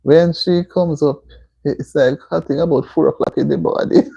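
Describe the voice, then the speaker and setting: A woman's voice: low-pitched, steady tone, normal speed, gravelly, dark tone, breathy edge, dull audio. A Jamaican woman hosting a casual livestream, chatting with viewers and answering their comments with motherly advice. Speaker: livestream host. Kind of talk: casual live-stream chat. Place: indoor room at home.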